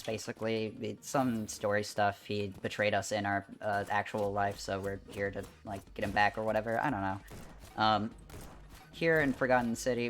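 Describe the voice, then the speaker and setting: Male speedrunner, lower register, casual and unbothered, narrating his run as he plays. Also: fairly bright tone. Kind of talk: casual game commentary.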